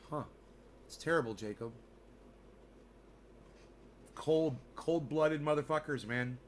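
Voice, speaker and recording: A man livestreaming and chatting with his viewers, swearing freely and ranting between long filler pauses. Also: fairly high pitch, a little hiss or hum. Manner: profane, ranting, full of fillers. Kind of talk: casual livestream chat.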